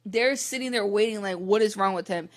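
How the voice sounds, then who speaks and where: A woman's voice: medium pitch, brisk. A young adult woman telling a personal story to camera in a rambling, frank and exasperated way, full of "like" fillers. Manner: rambling, heavy use of "like" fillers. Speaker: vlogger. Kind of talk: candid storytime monologue.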